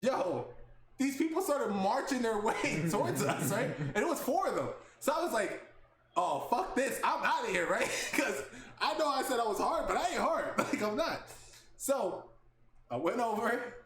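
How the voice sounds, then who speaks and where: A young man hosting a podcast, telling a story in casual chat, animated and laughing, swearing freely. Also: extremely high pitch, normal speed, crowd noise. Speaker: podcast host. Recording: echoey room with faint background noise.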